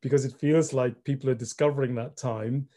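A middle-aged man, speaking reflectively and softly as a panel speaker on a video call. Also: mid-range voice, steady tone, brisk. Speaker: panel speaker, gallery director. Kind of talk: online panel discussion.

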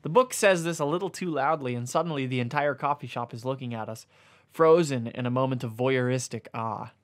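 A man reading a comic erotic novella aloud, mostly deadpan but stopping for amused asides and corrections. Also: medium pitch, a little fast. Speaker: reader.

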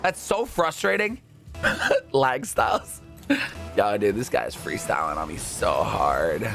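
A man's voice: slow, vocal fry. Hyped guy doing gameplay commentary, voice swings way up and down, little music in the back. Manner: excitable, jumps from calm chatter to high yelps. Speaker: gaming video host.

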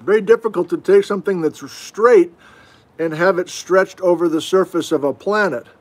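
A middle-aged geology instructor chats easily through a relaxed livestream lesson at home, fielding viewer questions with folksy self-mockery. He speaks at a moderate pace in a fairly high voice, apparently through a webcam or desk mic in an indoor home room.

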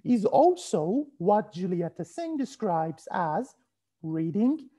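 A man giving a formal university lecture over a video call, reading his prepared text in a measured way and asking for the next slide. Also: sits high, sing-song, warm tone, husky. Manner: measured, formal delivery that asks for slide changes.

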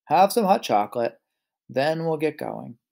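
A man's voice: on the high side, animated, unhurried, creaky, darkish tone, voice pushed up. A man voicing a polite, fussy grown male wolf in a read-aloud picture book, sounding exasperated and mock-proper.

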